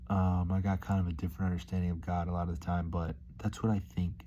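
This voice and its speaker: A man's voice: low-pitched, flat delivery, quick pace, warm tone, a little hiss or hum. A man talking casually in a rambling, laid-back vlog monologue, calling the listener dude and man. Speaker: vlogger.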